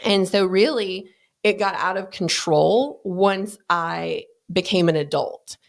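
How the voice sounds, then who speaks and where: A woman's voice: fairly low pitch, takes it slowly, vocal fry. A woman, a podcast guest speaking candidly and earnestly, with many "like"s and "you know"s. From American South. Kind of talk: candid conversational storytelling.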